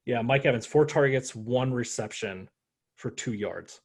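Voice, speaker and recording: A man co-hosting a casual sports podcast, ranting with animated, profane jokes. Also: medium pitch, a little slow, gravelly, husky. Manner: animated, profane, joking rants. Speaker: podcast co-host.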